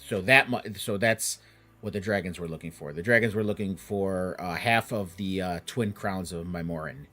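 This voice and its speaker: A man running a tabletop game as game master, narrating in a halting way with many fillers and restarts. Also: deep voice, sharp tone.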